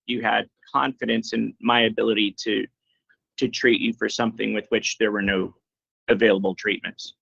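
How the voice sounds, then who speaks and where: Gravelly low-voiced man questioning haltingly. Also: level tone, fairly bright tone, dry recording, highs cut off. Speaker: medical practitioner questioning a witness. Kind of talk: questioning at a hearing.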